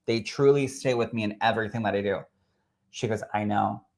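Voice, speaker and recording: A man, a spirit medium, sharing a personal story in an expressive, chatty way that swells with emotion. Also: on the low side, fairly quick. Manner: expressive and chatty, full of "like" and "literally".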